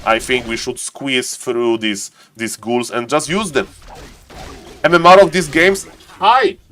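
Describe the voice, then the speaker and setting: A young man streaming and commenting on a strategy game replay, excitable, talking to chat in non-native English and tripping over words. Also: mid-range voice, a little slow. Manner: excitable, talks to chat, keeps saying "ladies and gentlemen".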